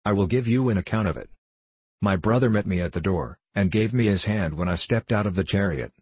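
A man narrating a period novel in a measured, formal reading. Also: on the low side, a little mellow, husky, no room sound. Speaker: audiobook reader.

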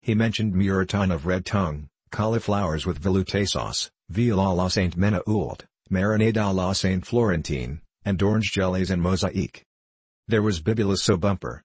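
Low, husky male narrator, dry close sound, measured and wry. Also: dry recording. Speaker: audiobook reader. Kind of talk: scripted narration of a classic story.

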